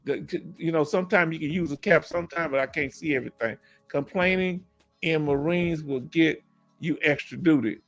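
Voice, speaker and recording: Animated Texan man hosting a livestream. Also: on the high side, normal speed, soft background music. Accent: Southern US, Texas. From Houston, Texas. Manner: animated, laughs often, folksy slang. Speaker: livestream host reading chat. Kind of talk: casual livestream Q&A. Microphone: headset.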